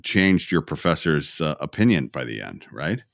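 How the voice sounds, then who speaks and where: A man's voice: rumbling low, big pitch swings, normal speed, gravelly, no echo, clean studio sound. A male podcast host in a casual interview, enthusiastic and affirming toward his guest.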